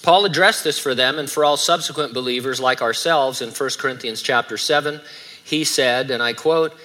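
Male pastor, middle-aged, conversational sermon, bright tone, dry wit. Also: medium pitch, moderate pace. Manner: conversational preaching with dry asides.

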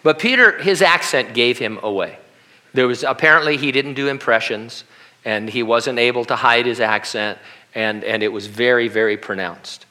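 A man's voice: mid-range voice, moderate pace, sharp tone. A man preaching a sermon in a conversational way, with humorous asides and acted-out quotes. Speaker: pastor.

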